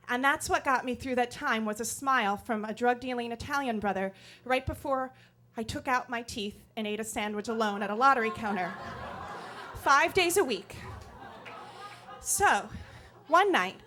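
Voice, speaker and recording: A woman comedian telling a self-deprecating story on stage in an animated, comic way. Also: on the high side, slight background noise. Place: live storytelling stage before an audience.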